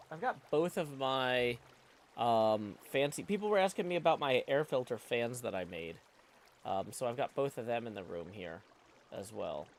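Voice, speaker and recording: A man's voice: mid-range voice, slight background noise. A middle-aged man, chatting casually on a live stream from his home studio, reading chat aloud and humming to himself. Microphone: studio XLR mic.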